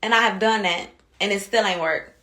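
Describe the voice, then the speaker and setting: A woman's voice: medium pitch, brisk, bright, forceful tone. A woman venting as an angry mother in a social media rant, heated and cussing, repeating herself while upset.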